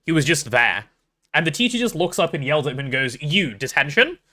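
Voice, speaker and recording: Lively bright-voiced young man streaming. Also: fairly high pitch, fairly quick. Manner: rambling, playful, self-deprecating storytelling. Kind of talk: casual gaming stream chat.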